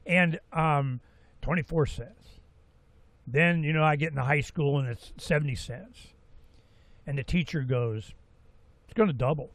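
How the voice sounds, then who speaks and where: A man in his sixties giving a rambling, folksy talk-radio monologue as host, with animated asides. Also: a little high, unhurried, long pauses, no room sound. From Florida, USA. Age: 60s.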